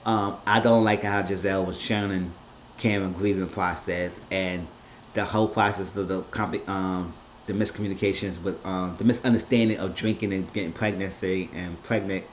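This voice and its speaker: Low-voiced man rambling through a recap. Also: steady tone, normal speed, muffled recording, slight background noise. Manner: rambling, blunt, profane. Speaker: reality show recap vlogger. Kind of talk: casual commentary.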